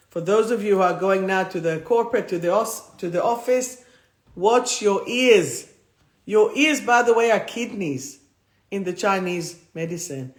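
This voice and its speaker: A woman hosting a live stream as a spiritual coach, reading out cards and repeating affirmations with emphasis. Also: fairly low pitch. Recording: roomy echo.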